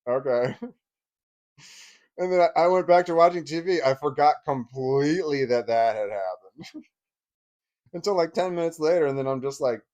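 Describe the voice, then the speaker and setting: A man's voice: fairly high pitch, moderate pace, pauses often, a little mellow. A man casually telling a long story about his daughter and ex-wife, rambling with frequent restarts, laughter and swearing. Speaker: divorced father telling a story.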